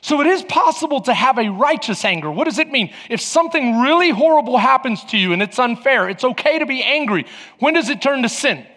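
A man preaches from the pulpit in a strikingly high, bright voice. He hammers his points with repetition and sudden shouts, and slips into playful scenes. The sound rings with the long echo of a large hall. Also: expressive, fairly quick. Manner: emphatic and repetitive, with bursts of shouting; playful, acts out little scenes. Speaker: pastor. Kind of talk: preaching a sermon.

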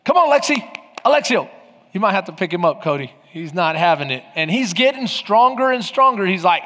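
A man's voice: sits high, very animated, brisk, bright, forceful tone, big-room sound. A male pastor preaching a sermon to his congregation, asking them rhetorical questions. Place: church sanctuary.

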